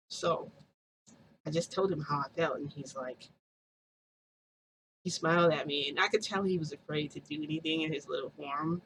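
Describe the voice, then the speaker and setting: A woman's voice: low-pitched, moderate pace, pauses often, fairly bright tone, slight background noise. A woman vlogger telling a story to her viewers in a chatty, gushing way, often giggling and calling them "guys".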